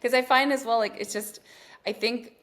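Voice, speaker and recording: A woman's voice: on the high side, moderate pace. A woman coach and mother telling stories in a casual podcast chat, swearing freely and acting out each scene. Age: adult mother. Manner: profane, animated storytelling. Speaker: spiritual business coach.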